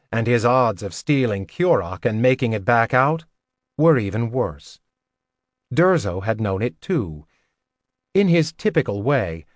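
A man narrating, dry and measured. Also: medium pitch, no room sound. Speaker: audiobook narrator. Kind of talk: scripted audiobook narration.

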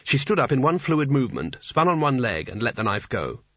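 A man narrates an audiobook in a measured, wry storytelling manner. His voice is husky and mid-pitched. The recording is dry and slightly dull. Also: sing-song, no room sound. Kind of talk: scripted narration.

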